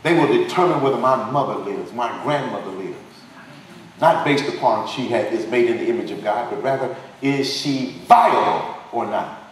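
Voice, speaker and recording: A man's voice: medium pitch, moderate pace. Preaching man in an echoey hall. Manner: emphatic preaching cadence with repetition. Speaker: pastor and congressional candidate. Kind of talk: impassioned political sermon. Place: potluck dinner hall. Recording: distant echoey room recording with faint noise.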